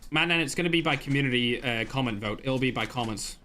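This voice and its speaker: A young man giving live esports commentary as a streamer, excitable and full of exclamations, chatting with his viewers as he calls the action. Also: mid-range voice, fast talker, slight background noise. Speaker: streamer casting a mobile shooter tournament.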